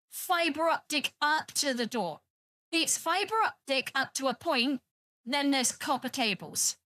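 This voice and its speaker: British woman, streamer, casual rambling chat, swears a lot, high voice, dry close sound. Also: sharp tone, dry recording. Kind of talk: casual livestream chat with viewers.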